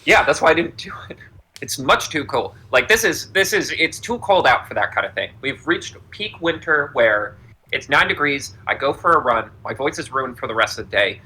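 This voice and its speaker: A young man co-hosting a podcast, chatting casually in an animated, rambling, profane way. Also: medium pitch, normal speed, breathy edge, rough recording. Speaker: podcast co-host. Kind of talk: casual chat.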